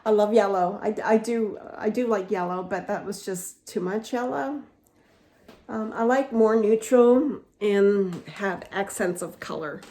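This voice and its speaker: Slow, mellow chatty woman in her fifties. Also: mid-range voice. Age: 50s. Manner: rambling, chatty, many fillers and restarts. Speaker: vlogger. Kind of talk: casual home tour chat. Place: inside a house.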